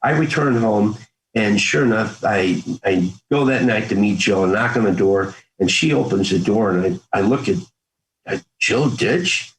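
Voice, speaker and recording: In poor-quality audio, an American man in his sixties who served as a Marine speaks at normal speed in a lowish voice. As an interview guest, he tells his story in earnest, folksy conversational style, acting out bits of old family talk.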